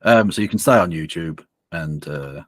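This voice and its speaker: A man's voice: low voice, animated, moderate pace, dry recording, studio quality. A man co-hosting a casual livestream and reacting to clips, sweary and sardonic. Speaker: streamer reacting to a video.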